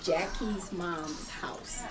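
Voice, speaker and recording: A woman telling a personal story in a measured, plain way. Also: on the low side, low-quality recording. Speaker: interviewee.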